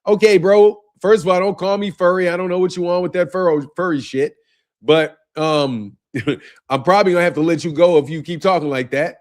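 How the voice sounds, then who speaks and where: A man's voice: sits high, brisk, darkish tone. A man hosting a boxing channel livestream, chatting casually and profanely while greeting viewers by name.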